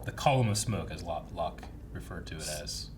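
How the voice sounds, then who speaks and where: A young man co-hosting a reaction show talks through his thoughts in a casual discussion, using plenty of fillers. His voice is low-pitched and animated, a little fast, with faint background noise in the recording.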